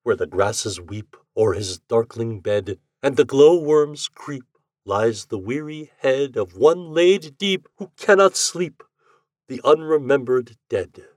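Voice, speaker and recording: A man's voice: medium pitch, takes it slowly, no echo, studio quality, lightly acted. A man doing a courtly, jaunty ghost. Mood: aggrieved. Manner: courtly, theatrical. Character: wry, jaunty male ghost of a dead lover.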